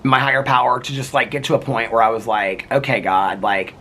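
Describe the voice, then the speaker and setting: A man's voice: medium pitch, fairly even intonation, fast talker, sharp tone, slight background noise. A man talking to camera in a casual, reflective vlog, rambling with lots of restarts and fillers. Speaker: vlogger.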